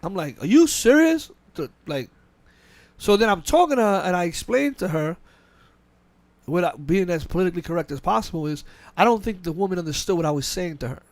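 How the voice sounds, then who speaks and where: Male podcast host, quick storyteller, slightly high voice, dry close mic, lots of restarts. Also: no echo. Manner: fast, animated storytelling with frequent restarts and quoted dialogue. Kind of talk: casual podcast chat, storytelling.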